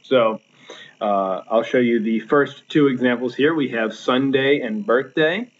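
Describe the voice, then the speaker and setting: A man's voice: mid-range voice, unhurried, dull audio. A man teaching from slides at home, explaining patiently with many fillers and restarts. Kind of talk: recorded slideshow lecture. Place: home, with a laptop.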